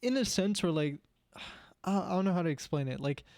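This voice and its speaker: A man's voice: sits high, animated, normal speed, darkish tone, dry recording, studio quality. A young man co-hosting a podcast in casual chat, rambling with many "like"s and "you know"s. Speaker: podcast co-host.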